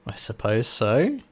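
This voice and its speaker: A man co-hosting a podcast, telling jokes in casual chat, animated and swearing. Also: mid-range voice, breathy edge. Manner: animated storyteller, swearing, laughs at his own jokes. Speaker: podcast co-host.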